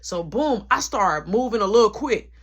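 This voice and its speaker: A woman telling a story about her workplace in a casual vlog, animated and full of slang. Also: mid-range voice, moderate pace, husky. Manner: animated, slangy, breaks into quoted voices.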